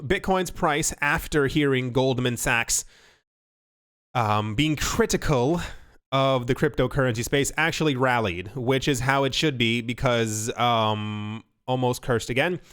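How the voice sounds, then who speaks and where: A man's voice: medium pitch, a bit bright, clean tone. A man hosting a casual crypto news commentary, rambling and restarting his sentences often. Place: home recording setup. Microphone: studio mic.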